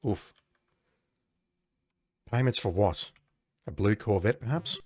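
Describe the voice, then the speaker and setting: A man's voice: on the low side, very animated, slow pace, husky. A man giving sarcastic, exasperated commentary while playing an old adventure game. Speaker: gamer playing a retro game. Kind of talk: let's play commentary.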